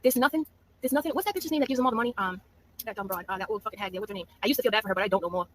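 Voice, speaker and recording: A woman's voice: mid-range voice, very fast, a little hiss or hum. A woman from Massachusetts trash-talking a rival in a profane, brash video rant. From Massachusetts, USA.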